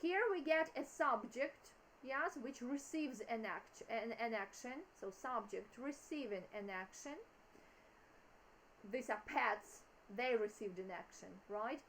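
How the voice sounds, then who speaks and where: A woman teaching a grammar lesson in a slow, patient way, explaining step by step with small slips and fillers. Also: fairly high pitch, animated, fairly bright tone, slight background noise, poor audio. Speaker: English teacher.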